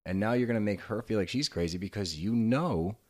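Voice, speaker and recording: A man's voice: fairly low pitch, a little fast. A man co-hosting a podcast, giving strong opinions on a reality show in casual chat, with swearing. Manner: opinionated, swears, acts out quoted lines. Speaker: podcast co-host.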